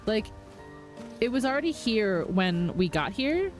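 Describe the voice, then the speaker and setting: A woman's voice: medium pitch, very animated, unhurried. A young woman streamer chatting casually and emotionally while she plays a game, with lots of fillers. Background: game music.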